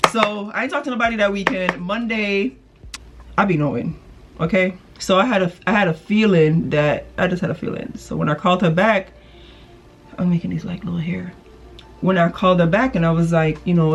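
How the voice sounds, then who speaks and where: A woman vlogger with a mid-range voice talks fast while doing her makeup, casually telling a personal story on her channel. She swears freely and acts out the people she quotes. The recording is muffled, with soft music in the background.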